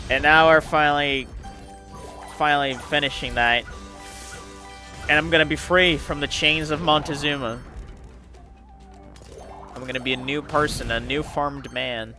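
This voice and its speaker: A man's voice: fairly high pitch, pushed and bright. A man chatting casually while playing a video game, rambling with lots of "like" and laughter. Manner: rambling, laughing, heavy use of "like". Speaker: gaming channel host. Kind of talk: casual let's-play commentary.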